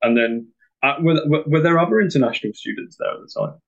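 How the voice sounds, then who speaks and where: A male podcast host asks casual questions and often trips over his words before he finishes them. His voice sits at an average pitch, and the recording sounds slightly muffled. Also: expressive, vocal fry. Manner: halting, repeats words while forming questions. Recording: dull podcast audio.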